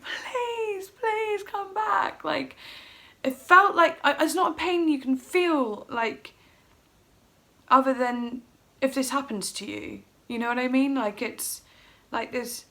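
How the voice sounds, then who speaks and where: Bright and forceful, with a voice that sits high, a middle-aged vlogger rambles emotionally through a personal story from home, acting out the things she said.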